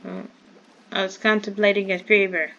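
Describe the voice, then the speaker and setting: A woman's voice: medium pitch, flat delivery, moderate pace, fairly bright tone, dull audio. A woman from the American South chatting in a rambling way while playing a game, easily startled. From Southern United States. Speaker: gamer. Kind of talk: casual Minecraft commentary.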